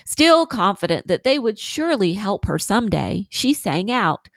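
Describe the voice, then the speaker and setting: Expressive woman reading a children's story. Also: measured pace, no echo. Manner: expressive, sing-song storytelling with lots of pitch movement. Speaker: podcast host reading a story. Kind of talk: storybook read-aloud.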